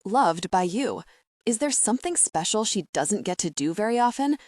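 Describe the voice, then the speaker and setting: A woman reading a calm, diplomatic brother. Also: medium pitch, moderate pace, no echo, pitched above the performer's own voice.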